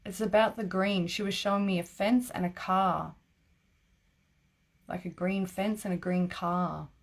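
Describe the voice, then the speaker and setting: A woman with a somewhat low voice talks through psychic readings on a live stream. She keeps it casual and chatty, laughing often and peppering her sentences with "like". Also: fairly even intonation, unhurried. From Australia. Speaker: psychic reader.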